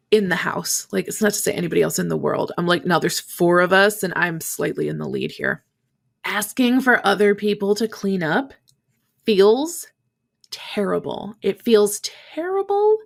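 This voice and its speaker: A woman in her thirties hosts a solo podcast, talking candidly and chattily with plenty of fillers. She has a medium-pitched, gravelly voice.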